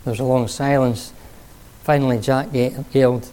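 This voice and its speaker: A man preaching a sermon, telling a story and then speaking earnestly, sometimes pausing to rephrase. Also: mid-range voice, level tone, mellow.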